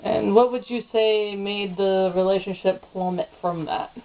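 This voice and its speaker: A woman's voice: medium pitch, steady tone, unhurried. A woman asking the questions in a casual home video interview, in a playful, teasing manner. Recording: tinny phone-like sound.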